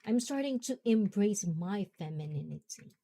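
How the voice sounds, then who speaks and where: A woman's voice: medium pitch, expressive, moderate pace, dark tone. A young woman hosting a casual talk, rambling and chatty, often laughing. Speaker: host.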